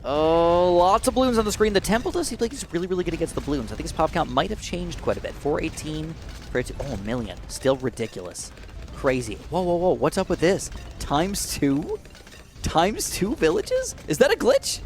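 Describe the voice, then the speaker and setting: A young man commentating his gameplay, swinging between low mutters and high, alarmed shouts. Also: sing-song, moderate pace, a little hiss or hum. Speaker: gaming commentator.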